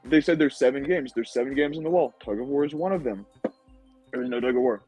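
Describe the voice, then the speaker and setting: A man's voice: medium pitch, quick pace, a little mellow, breathy edge, faint music behind, rough recording. A young man, a former game show contestant, telling a long, rambling story in a casual podcast interview and saying "like" a lot. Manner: rambling storytelling, heavy use of "like".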